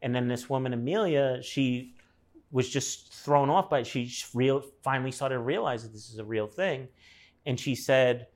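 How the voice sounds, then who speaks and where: A man's voice: medium pitch, normal speed, darkish tone. A man telling a personal story in casual conversation, acting out the people he quotes and swearing now and then.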